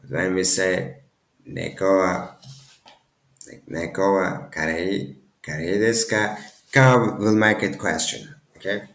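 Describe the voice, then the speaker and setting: Slow, gravelly low-voiced male teacher. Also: a bit bright, echoey room. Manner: halting, many restarts and self-corrections. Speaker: language teacher. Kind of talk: casual language lesson.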